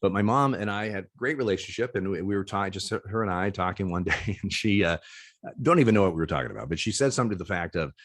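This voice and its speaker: A very low-pitched man in his sixties speaks as a podcast guest, candid and unhurried. He stumbles over his words, repeating them and starting over as he works through his thoughts. The sound is close and dry, with no room around it. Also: fairly bright tone, no echo. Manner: halting, stacks repeated words and restarts. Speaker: guest, former umpire. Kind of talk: candid interview conversation.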